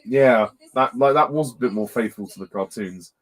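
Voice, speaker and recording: A man doing casual film commentary, sarcastic and quick to laugh. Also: medium pitch, low-quality recording. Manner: giggly, sarcastic.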